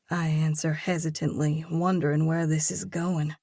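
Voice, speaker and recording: A woman narrating a first-person audiobook in a steady, measured reading voice. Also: low-pitched, dry recording, studio quality.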